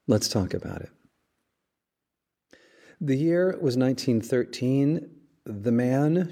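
A priest hosting a podcast, giving a measured sermon-style reflection with dramatic storytelling. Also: male voice, on the low side, warm tone.

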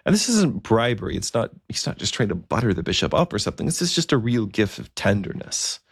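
A man with a very low, gravelly voice tells a story in a relaxed, conversational way. He adds asides and fillers as he goes. The sound is close and dry. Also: quick pace, no echo. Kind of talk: storytelling narration.

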